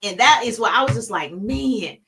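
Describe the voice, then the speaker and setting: Animated woman coaching a live stream. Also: a little high, normal speed, slight background noise. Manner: animated, preachy, repeats phrases for emphasis. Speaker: business coach.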